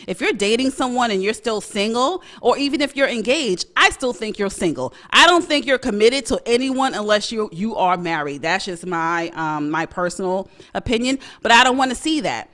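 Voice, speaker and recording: A young woman from Brooklyn hosts her own talk segment, chatty and outspoken. Her voice sits fairly high and swoops all over the place. She laughs easily and dips into a Caribbean lilt when she gets going. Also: fairly bright tone. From Brooklyn, New York. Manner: chatty, opinionated, laughs often, slips into Caribbean dialect. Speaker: host. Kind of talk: casual talk-show commentary.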